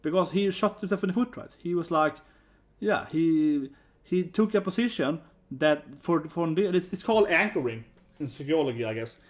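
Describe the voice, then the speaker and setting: A man with a fairly high voice talking through a casual commentary vlog. He rambles, restarts and keeps checking in with 'right?'. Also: expressive, normal speed. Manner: rambling, repeats 'right?' often. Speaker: YouTube commentator.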